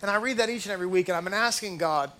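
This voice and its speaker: A man's voice: high voice, rapid-fire, sharp tone. A man preaching a sermon as a rabbi, fervent and pleading, full of rhetorical questions. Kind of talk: sermon to a congregation.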